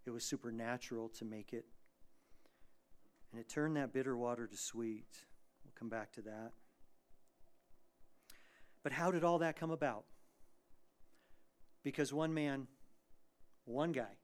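Male preacher, mid-pitched and smooth, dynamic sermon delivery with sudden emphatic peaks. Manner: dynamic preacher, swings from hushed to loud emphatic bursts; acts out quoted prayers and voices. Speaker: pastor.

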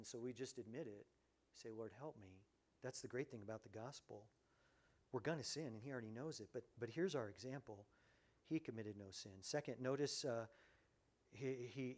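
A pastor delivers a sermon in a lively way, shifting between loud exclamations and soft, hushed lines while performing the voices he quotes. His voice is medium in pitch and his pace is moderate.

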